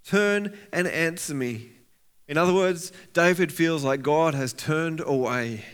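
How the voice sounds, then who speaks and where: A man's voice: on the high side, a little slow, fairly bright tone, clear, resonant tone. A man preaching a sermon as a pastor, earnest and heartfelt, reading scripture aloud with rising intensity and often restarting his words. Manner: frequent restarts and repeated words.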